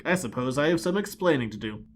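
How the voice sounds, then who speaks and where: Deadpan man co-hosting a podcast. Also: fairly high pitch, fast talker, slight background noise. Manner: dry, deadpan, acts out characters' lines. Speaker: podcast co-host. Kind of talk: casual chat recapping comics.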